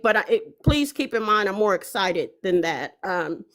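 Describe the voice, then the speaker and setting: A middle-aged woman telling a story in an animated, profane way, full of emphatic repetition. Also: medium pitch, moderate pace.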